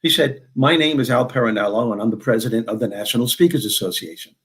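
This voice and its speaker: New man, middle-aged, lively storyteller who acts out the other people in his stories. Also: medium pitch. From Long Island, New York. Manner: animated storyteller who acts out dialogue in quick bursts. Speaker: guest, motivational speaker and former comedian. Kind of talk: storytelling in a podcast interview.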